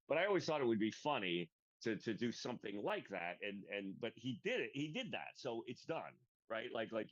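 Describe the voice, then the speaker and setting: A man's voice: fairly low pitch, no room sound. A man co-hosting a comedy podcast, talking in a rambling casual way full of restarts and tangents, on a dull lo-fi recording. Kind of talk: casual chat. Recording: dull lo-fi sound.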